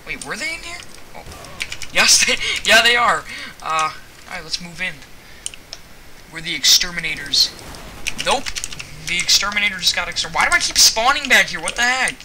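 A man hosting a gaming channel, chatting loosely over his gameplay with lots of fillers and quick reactions. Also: sits high, very animated, a little hiss or hum, low-quality recording. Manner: rambling, filler-heavy chat while reacting to the game. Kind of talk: casual gameplay commentary. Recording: loud mechanical keyboard clicking behind voice.

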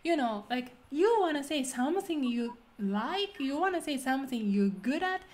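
A woman with a Japanese accent hosting a casual language lesson, talking quickly and laughing often. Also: high-pitched, lively intonation, a little mellow, a little hiss or hum. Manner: quick, laughing, switches between English and Japanese. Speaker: Japanese teacher host.

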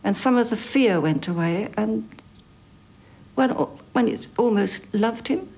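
A woman reflects calmly in an interview, speaking in a measured way. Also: mid-range voice, gravelly.

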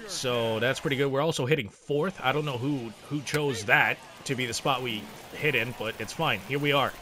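A young man commenting on his own baseball video game play, excitable and self-mocking, laughing at his mistakes. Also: mid-range voice, normal speed. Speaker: gaming video host. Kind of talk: gameplay commentary.

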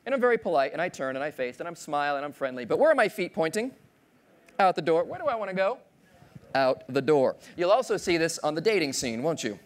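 Speaking fast and very animatedly in a fairly high voice, a man gives a playful keynote from the stage of a large conference hall. He plays out small scenes and puts on the voices of others.

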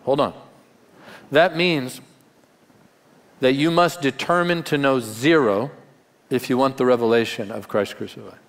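A man's voice: mid-range voice, measured pace, long pauses. A man, a pastor, preaching a live Sunday sermon in a conversational, emphatic way with wry humor. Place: large church auditorium. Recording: long hall reverb in live church.

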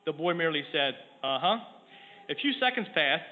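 A middle-aged man delivers a sermon in a steady, earnest way, lifting his voice whenever he reads scripture. His voice sits a little high for a man. The sound is thin and phone-like, with a long reverb trailing through a church sanctuary. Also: quick pace. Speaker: preacher. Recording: tinny lo-fi sound in a long-echo hall with faint noise.

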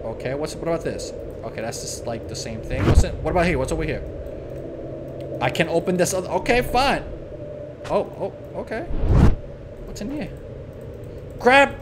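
Young man, gaming host, lively swinging voice, slang, sudden shouts. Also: fairly high pitch, normal speed, pauses often, very noisy. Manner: jumpy, loud outbursts, swearing slang. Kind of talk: horror game commentary.

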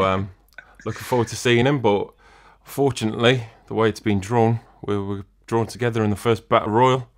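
A man's voice: fairly low pitch, natural voice. A man playing a crude, swaggering old-school British wrestling legend, swearing constantly as an interview guest. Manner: swears constantly, cocky geezer bravado.

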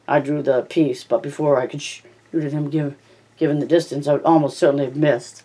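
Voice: medium pitch, steady tone, brisk, mellow. An amateur audiobook reader narrating a novel in the first person, stumbling and correcting words along the way. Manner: reads with slips and self-corrections.

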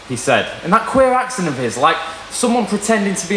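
A man reading a short story aloud at a live event, in an expressive storytelling manner. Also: high voice, brisk, hardly any pauses, slight background noise. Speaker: reader. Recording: echoey room at a live reading.

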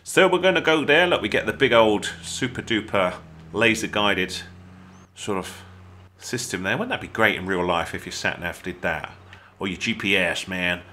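A man with an English accent narrates a gameplay tutorial over his own playing. His voice sits fairly low but swings widely in pitch. It has a bright, forceful edge, and he drifts into excitable jokes along the way. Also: normal speed, a little hiss or hum. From England. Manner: chatty, excitable, jokey asides. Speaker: gaming YouTuber.

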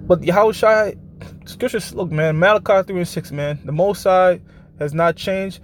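A man hosting a live show, preaching informally. He is blunt and profane, keeps checking in with his listeners, and slows down to read scripture passages. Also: high voice, slight background noise.

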